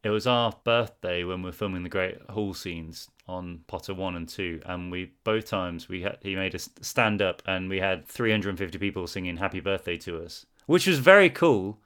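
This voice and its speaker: A man's voice: low voice, normal speed, hardly any pauses, fairly bright tone, clear, resonant tone. A man co-hosting a podcast, chatting casually and playfully, acting out little bits as he talks. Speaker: podcast co-host. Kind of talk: casual chat.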